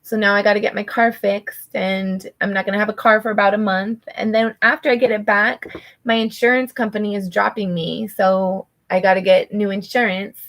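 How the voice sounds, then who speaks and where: A woman's voice: medium pitch, little pitch movement, moderate pace, a bit bright. A middle-aged woman, a tarot reader, venting in casual live-stream chat, frustrated and swearing, then reassuring herself.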